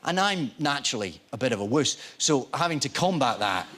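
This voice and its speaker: A man's voice: mid-range voice, brisk, a little hiss or hum. A man, an actor guest on a talk show, telling anecdotes in a self-deprecating way. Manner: animated storyteller, self-deprecating. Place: TV studio.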